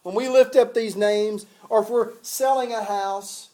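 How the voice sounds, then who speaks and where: Folksy pastor preaching. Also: male voice, high voice, steady tone, unhurried, a little mellow. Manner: folksy, conversational preaching with frequent restarts. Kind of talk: sermon.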